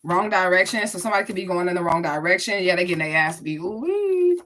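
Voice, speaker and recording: A woman's voice: lowish voice, flat delivery, rapid-fire, sharp tone. A woman giving a casual spiritual reading to her viewers, blunt and profane, talking straight to them. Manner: blunt, profane, chatty, addresses viewers directly. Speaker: spiritual reader.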